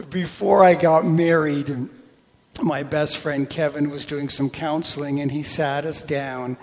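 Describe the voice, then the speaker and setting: A man preaching a sermon, telling personal stories with animated, self-mocking humor and acted-out voices. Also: a little high, measured pace. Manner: animated storytelling, acting out voices, laughing at himself. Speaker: pastor. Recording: long hall reverb.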